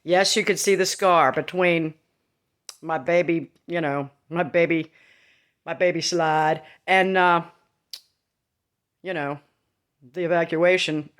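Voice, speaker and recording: A woman's voice: lowish voice, slow pace, pauses often, a bit bright. A woman in her fifties telling a candid, rambling personal story to her viewers, with laughing asides. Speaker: vlogger. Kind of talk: casual storytelling to camera.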